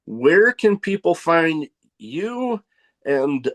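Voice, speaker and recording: A man's voice: on the high side, sing-song, very slow, fairly bright tone. Laid-back man hosting a chat. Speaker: podcast host. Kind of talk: casual chat.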